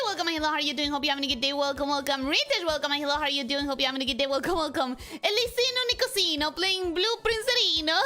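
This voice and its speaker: A woman streamer chatting casually with her viewers, bubbly and quick to laugh, rambling and self-deprecating as she greets everyone. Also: sits high, animated, over music. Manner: bubbly, greets viewers in a repeated welcome routine. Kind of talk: casual livestream chat.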